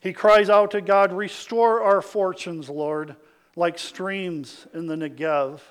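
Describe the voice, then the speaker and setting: A man preaching a sermon, swinging from hushed lines to loud calls for amens and acting out the voices of his listeners. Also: high voice, fairly even intonation, takes it slowly, smooth. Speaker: pastor.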